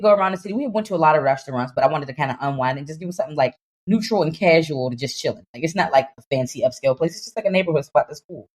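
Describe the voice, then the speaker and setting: A young adult woman co-hosting a podcast, telling a story in casual chat, animated and laughing, slipping into voices for the people in it. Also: deep voice. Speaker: podcast co-host.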